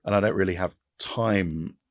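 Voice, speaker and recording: A man in his fifties, a podcast guest, talking in an animated way with quick restarts and repetitions. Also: sits low, no room sound. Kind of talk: casual interview chat.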